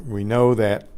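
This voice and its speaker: A man teaching a Spanish grammar class, explaining patiently and clearing his throat often. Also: mid-range voice, dark tone. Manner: recites word lists carefully.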